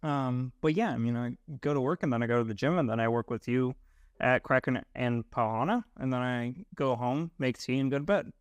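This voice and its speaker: Laid-back young podcast co-host. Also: male voice, medium pitch, fairly quick, clear, resonant tone, dry recording. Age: young adult. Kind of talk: casual chat.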